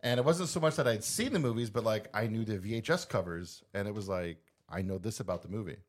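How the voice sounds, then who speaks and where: A man guesting on a casual podcast, telling excited childhood stories with laughter and impersonated quotes. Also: lowish voice, quick pace.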